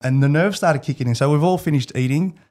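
A man with an Australian accent, a guest in an interview, telling personal stories in a candid, animated way and laughing as he goes. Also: a little high, quick pace. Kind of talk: casual storytelling.

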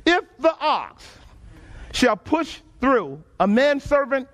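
A Texan man preaching to his congregation, his voice riding unusually high. He keeps checking in with the room and drawing answers back from the pews, folksy and emphatic throughout. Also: sing-song, takes it slowly, a bit bright. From Texas. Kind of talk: sermon. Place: church sanctuary before a congregation.

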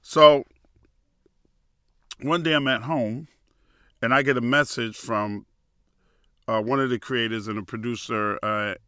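Podcast host guy in his 50s, bright sharp voice, dry sound, slangy storytelling. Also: mid-range voice, moderate pace, clear, resonant tone, no echo. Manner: animated, loose storyteller with slang. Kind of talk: casual storytelling.

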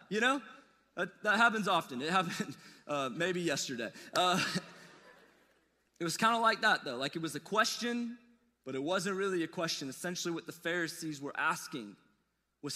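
Animated preacher in a reverberant hall. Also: male voice, sits high, normal speed. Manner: casual, animated storytelling with slangy asides. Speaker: pastor. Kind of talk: sermon.

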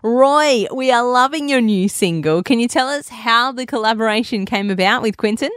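A woman's voice: on the high side, normal speed, fairly bright tone, smooth, dry recording. A young adult woman hosting a radio show, friendly and upbeat as she interviews a guest. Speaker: radio host. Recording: dry studio, faint music behind.

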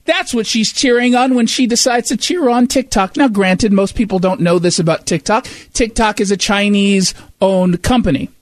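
High-voiced sarcastic male talk show host. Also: moderate pace, few pauses, no echo. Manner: sarcastic, mocking. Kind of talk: opinionated talk show commentary.

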